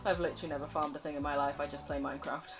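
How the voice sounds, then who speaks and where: A woman's voice: low-pitched, little pitch movement, rapid-fire, music in the background. A woman streaming a game, chatting in a rambling, self-mocking way, laughing often and swearing casually. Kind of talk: casual live-stream chatter while playing.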